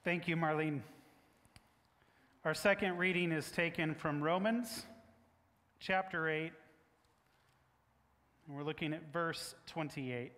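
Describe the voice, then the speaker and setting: A man leading worship, thanking a speaker and reading scripture in a formal, measured way. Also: fairly high pitch, a bit bright. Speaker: pastor. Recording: reverberant church sanctuary.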